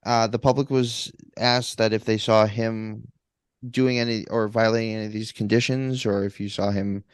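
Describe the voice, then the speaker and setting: A man co-hosting a podcast, presenting a case in casual chat, halting with fillers and restarts. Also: fairly low pitch, little pitch movement, clean tone, dry recording, clean studio sound.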